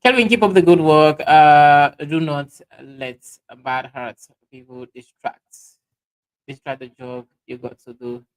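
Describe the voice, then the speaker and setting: A man with a Sierra Leonean Krio accent hosting a livestream, reading out viewer comments in halting speech full of fillers and restarts. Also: fairly high pitch, smooth, low-quality recording. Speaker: livestream host.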